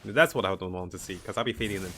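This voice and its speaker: A man giving casual commentary on a strategy game as he plays, thinking aloud in a relaxed way. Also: low voice, very fast, slight background noise. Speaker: gaming commentator. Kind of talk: casual live gameplay commentary.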